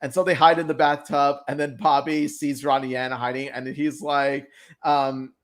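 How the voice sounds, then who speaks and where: A man co-hosting a fan stream, reviewing cartoon episodes in casual chat, excitable and full of fillers and restarts. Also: mid-range voice, moderate pace. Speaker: fan show co-host.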